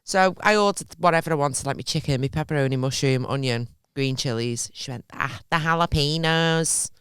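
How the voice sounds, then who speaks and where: Smooth-voiced woman with a Runcorn accent. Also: low-pitched, normal speed, dry recording, studio quality. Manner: ranting, sweary, lively storytelling. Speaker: podcast co-host. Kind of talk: casual chat.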